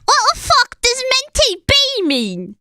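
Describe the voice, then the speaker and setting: A woman's voice: extremely high pitch, wildly swooping pitch, a little slow, bright, forceful tone, no echo, clean studio sound. A young woman with a British accent, streaming her playful, giggly, foul-mouthed reactions to a video. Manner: playful, giggly, swears freely.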